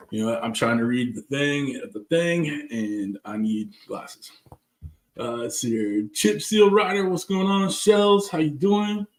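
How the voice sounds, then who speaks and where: A man's voice: a little high, echoey room. A man with a Southern California accent hosting a casual live cooking stream, chatting loosely and greeting viewers by name. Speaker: cooking channel host. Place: backyard, outdoors.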